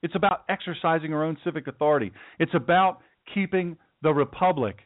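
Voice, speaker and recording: A male talk show host rails through a heated political monologue from his studio, hammering points home and tripping over restarts. His voice sits a bit high. The sound is dry and thin, like a phone line. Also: fairly quick, dry recording. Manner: emphatic, repetitive, stammering restarts.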